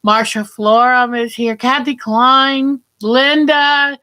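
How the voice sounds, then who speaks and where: A woman's voice: high-pitched, steady tone, slow pace, pushed and bright. A woman hosting a casual quilting livestream, chatting and greeting viewers by name.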